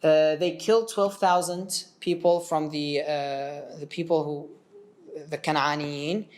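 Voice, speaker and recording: A man's voice: fairly high pitch, fairly even intonation, slow pace. A man teaching a religious story in a casual, conversational way, often checking in with his listeners and going off on tangents.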